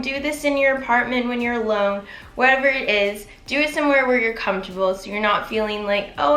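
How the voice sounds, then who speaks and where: Upbeat woman vlogger coaching her viewers, crisp, fairly high voice, roomy echo. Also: bright, forceful tone. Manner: upbeat, encouraging, addresses viewers directly. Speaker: manifestation coach. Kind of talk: instructional vlog talk. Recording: echoey room.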